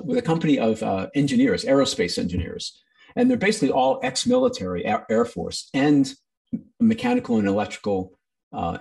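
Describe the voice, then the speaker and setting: Man, presenter, workshop talk, very animated pitch, gravelly, casual with ums. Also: far from the mic. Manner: conversational, with filler ums and acted-out quotes. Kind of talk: teaching a training session.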